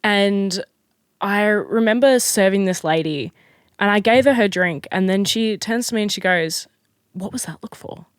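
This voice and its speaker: A young Australian woman in casual chat as a podcast guest, telling stories in an animated way with plenty of fillers and restarts. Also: mid-range voice, moderate pace, clean tone, dry recording, studio quality. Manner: chatty, animated storyteller with frequent fillers and restarts.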